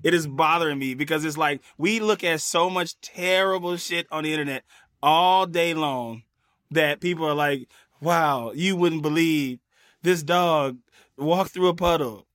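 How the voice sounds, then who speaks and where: A man's voice: fairly high pitch, normal speed, a bit bright, no echo, studio quality. A man, a guest comedian, in casual chat, talking animatedly in a mocking, playfully ranting way.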